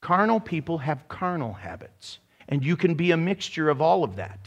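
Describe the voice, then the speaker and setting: A man preaching a sermon to a room, energetic and animated, breaking into shouts and laughs. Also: a little high. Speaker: pastor. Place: church room with congregation.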